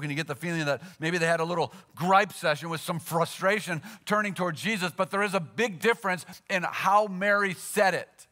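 A man preaching a sermon, reading scripture and explaining it, swinging from loud emphatic peaks to soft low asides. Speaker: pastor.

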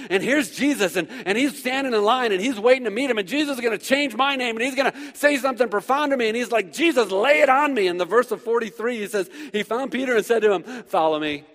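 A man delivers a sermon in a high, bright-edged voice. He swings from near-shouted emphasis to hushed asides and acts out the voices of the people in his story. The sound rings with the long reverb of a church hall. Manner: animated, swings from loud emphasis to quiet; acts out quoted voices of Bible figures. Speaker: pastor. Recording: hall reverb, live preaching.

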